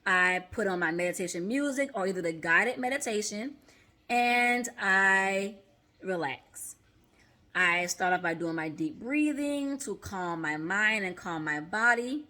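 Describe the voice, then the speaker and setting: A woman therapist talks viewers through a calm breathing routine in a relaxed, conversational way. Her voice is bright and clear, and she often pauses to check in with a quick "okay?" She demonstrates the breaths herself as she explains. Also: medium pitch. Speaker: therapist and mindfulness coach. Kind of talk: casual instructional vlog.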